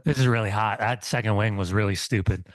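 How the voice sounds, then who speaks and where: A man's voice: lowish voice, brisk, no echo. A man co-hosting a football podcast, making earnest points about the team while his mouth burns from hot sauce. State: mouth burning, sweating. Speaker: podcast co-host. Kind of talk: casual football chat.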